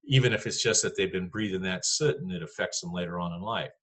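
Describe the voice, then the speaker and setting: A man's voice: deep voice, fast, a bit bright, slightly rough. A man teaching a poetry class in a chatty, rambling lecture full of fillers.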